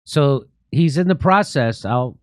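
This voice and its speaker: A man's voice: medium pitch, animated, a little slow, no room sound. A man hosting a show, giving sarcastic commentary with mocking asides. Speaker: show host.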